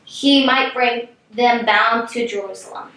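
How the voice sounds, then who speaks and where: A young woman reads scripture verses aloud in a plain way and trips on names. Her voice is a little high. She sits back from the mic in a very echoey room. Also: a little slow, bright, forceful tone, recorded from a distance. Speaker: scripture reader.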